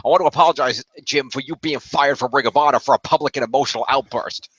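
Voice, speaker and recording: Guy doing a brash new york wiseguy, sarcastic and mocking, quick and dry. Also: medium pitch, a bit bright, breathy edge, dry recording, muffled recording. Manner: mocking, sarcastic delivery of a read-out statement. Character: brash, defensive New York mafia-style man.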